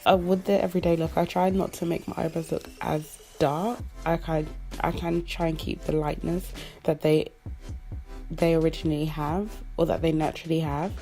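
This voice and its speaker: A woman's voice: low voice, little pitch movement, moderate pace, dark tone, faint music behind. A young adult woman chatting casually through a makeup tutorial in a playful, joking way, coining silly words as she goes. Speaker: beauty vlogger. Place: indoors at home under studio lights.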